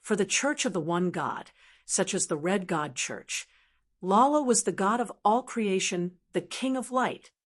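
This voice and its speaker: A woman voicing a calm, measured priest. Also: medium pitch, natural voice. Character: calm male priest of death gods.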